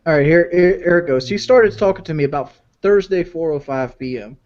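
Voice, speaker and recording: A man's voice: on the high side, fairly quick. A young man in casual podcast banter, stammering and repeating himself as he reads messages. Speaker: podcast guest reading texts aloud. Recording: muffled lo-fi podcast audio.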